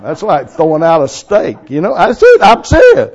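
A man preaching a sermon in a folksy, storytelling way, excitable and quick to laugh. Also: fairly high pitch. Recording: lo-fi recording.

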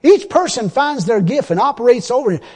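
A man preaching a sermon in a church, folksy and colloquial, swinging between loud exhortation and low confiding asides. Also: animated, a little fast, slightly rough, long reverb tail.

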